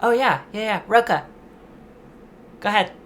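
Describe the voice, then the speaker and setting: A woman's voice: medium pitch, expressive, moderate pace, a little hiss or hum, voice pushed up, lightly acted. A woman voicing a cocky eleven-year-old witch boy who talks eagerly and brashly, tumbling over repeated words.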